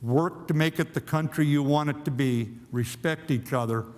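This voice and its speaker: A man's voice: fairly high pitch, moderate pace, a little mellow. An older man speaking to a university audience, telling a war story in a blunt, plainspoken way. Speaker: guest speaker. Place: university auditorium. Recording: long hall reverb.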